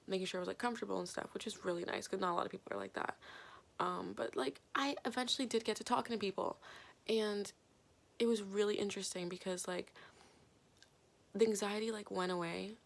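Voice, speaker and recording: A woman's voice: medium pitch, brisk, gravelly. A woman in her twenties, a vlogger telling a story to her camera in a rambling, casual way, full of fillers and casual swearing. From Canada. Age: 20s. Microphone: compact camera mic.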